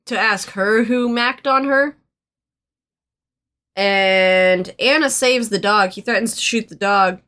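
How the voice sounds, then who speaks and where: Bright-voiced chatty woman podcaster. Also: mid-range voice, takes it slowly. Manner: chatty, sprinkled with "like" and "um"; earnest and sentimental. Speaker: podcast co-host. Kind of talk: casual movie-recap chat.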